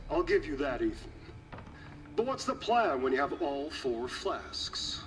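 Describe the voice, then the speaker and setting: A man's voice: a little high, big pitch swings, measured pace, a bit bright. An actor playing a scheming, crude male villain in a video game, talking in a taunting, swaggering way. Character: scheming, mocking villain man, cocky and crude. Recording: game audio with noisy ambience.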